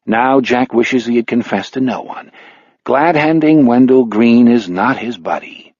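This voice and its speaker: A man narrating an audiobook in an even, steady storytelling manner, with a husky voice. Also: mid-range voice, a little slow, dry recording, lo-fi sound. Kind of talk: scripted narration.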